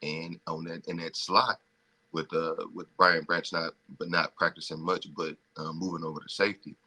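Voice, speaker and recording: A man co-hosts a casual sports podcast in an extremely low voice. His tone is bright and forceful, and he talks haltingly, stopping often to find his next words. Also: little pitch movement. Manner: halting, with many ums and restarts. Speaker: podcast co-host.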